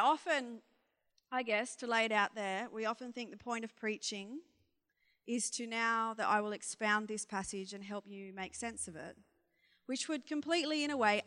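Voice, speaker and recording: A woman's voice: high voice, sharp tone. A woman giving an informal sermon, candid and conversational, asking frank exasperated questions. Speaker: preacher. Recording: long reverb of a hall.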